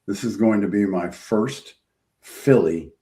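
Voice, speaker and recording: A man, a college baseball coach, talking as a guest on a sports radio show in a relaxed, halting way. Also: fairly low pitch, rough recording.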